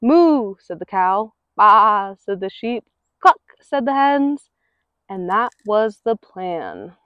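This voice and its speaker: A woman reading a picture book aloud in an expressive, rhythmic way. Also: medium pitch, slow, no room sound. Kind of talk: read-aloud storytelling. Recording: dull lo-fi recording.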